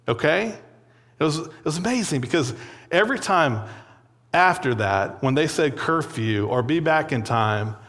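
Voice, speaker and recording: A young man preaching in a relaxed, chatty way, his voice sitting a touch high for a man. He tells a story with plenty of fillers and short laughs, and a long hall reverb trails behind his words. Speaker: pastor. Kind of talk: sermon.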